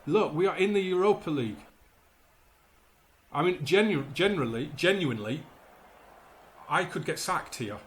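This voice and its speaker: A gaming YouTuber commentates live as he plays a football management game, calling the action like a match announcer and fretting out loud about results. He's excitable, with a fairly high voice, a normal speed, and long pauses.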